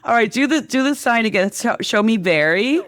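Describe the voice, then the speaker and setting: A woman's voice: fairly high pitch, lively intonation, brisk, fairly bright tone, no room sound, clean studio sound. A woman hosting a podcast interview, reacting readily and laughing easily. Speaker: podcast host. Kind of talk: casual conversational interview.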